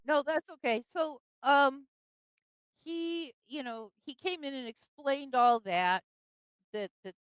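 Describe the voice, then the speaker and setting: A woman's voice: high-pitched, slow pace, dry recording, poor audio. An older woman telling a personal story in casual conversation, with fillers and laughs. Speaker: guest storyteller.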